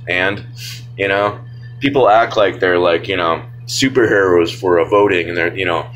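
A man's voice: on the low side, a bit bright, rough recording. A man ranting casually to his viewers in a rambling, sarcastic way, full of filler words. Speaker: vlogger. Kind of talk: casual rant to camera.

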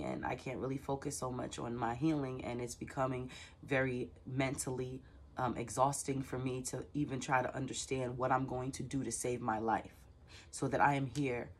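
A woman's voice: a bass voice, a little hiss or hum. A woman hosting her own tarot channel, speaking frankly and personally in a direct-to-camera vlog, with frequent filler sounds. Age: adult with children. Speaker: tarot reader and channel host.

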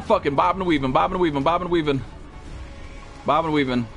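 A man's voice: on the high side, fast talker. A man streaming a survival game, swearing constantly and yelping in alarm at monsters as he chats with a teammate. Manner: excitable, swears constantly, frequent startled outbursts. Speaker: gameplay streamer. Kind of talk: profane live gameplay commentary. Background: faint background music.

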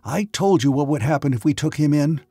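A man's voice: medium pitch, unhurried, creaky, warm tone, breathy edge, soft background music, exaggerated voice. A man narrator voicing a huge, raging man who speaks thickly, in an audiobook. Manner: thick-voiced.

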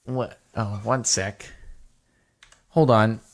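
A man's voice: fairly low pitch, fairly even intonation, very slow. A man streaming a game in casual chat, laid-back and dry, laughing easily.

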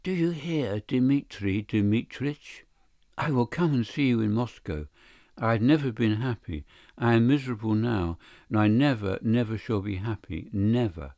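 A man's voice: lowish voice, normal speed, creaky, warm tone, dry recording. A man voicing a frightened young married woman in an audiobook, breathless and imploring. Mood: hushed pleading. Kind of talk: audiobook character reading.

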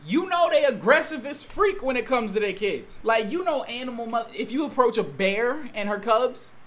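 A man telling a story-time tale in a vlog, excitable and slangy, with exaggerated storytelling and sudden outbursts. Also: very high voice, moderate pace, a little hiss or hum. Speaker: YouTube storyteller.

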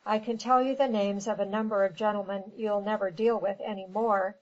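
A woman's voice: mid-range voice, fairly even intonation, fairly quick, a little mellow, highs cut off, lightly acted. A woman voicing a brash blustering businessman. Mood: angry. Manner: snappish, blustering. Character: brash impatient American businessman, man.

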